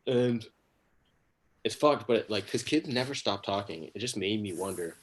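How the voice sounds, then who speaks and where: Male stand-up comic, fairly low voice, loose and rambling, swears freely. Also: expressive, normal speed, husky. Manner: rambling, many fillers and restarts, crude. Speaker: stand-up comedian. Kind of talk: stand-up set on a livestream.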